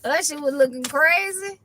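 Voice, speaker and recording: A woman's voice: sits high, a bit bright, a little hiss or hum, low-quality recording. A woman tarot reader ranting in a casual reading, blunt and profane, laughing often between lines.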